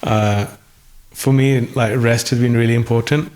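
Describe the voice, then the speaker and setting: A man's voice: mid-range voice, fairly even intonation, normal speed, a little mellow. Thoughtful man, voice recovering. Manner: thoughtful, hesitant restarts. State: voice recovering after illness. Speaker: guest musician. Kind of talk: conversational interview.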